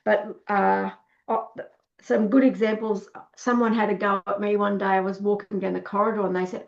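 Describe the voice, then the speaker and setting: This middle-aged woman's medium-pitched, creaky voice keeps fairly even intonation at a normal speed on lo-fi sound. Speaking casually at a webinar workshop, she tells stories, acts out what others said, and restarts a lot.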